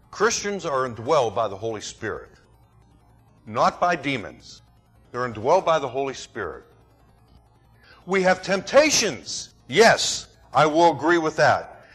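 A pastor preaching a sermon, dramatic and rhetorical, who acts out other people's words. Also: male voice, medium pitch, very animated, unhurried, pauses often, fairly bright tone, slightly rough, faint music behind. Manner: dramatic, rhetorical, mimics voices.

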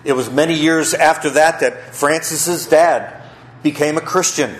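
A man's voice: on the high side, steady tone, a little slow, a bit bright, slight background noise. A man preaching a sermon as pastor, telling a story and asking the congregation rhetorical questions.

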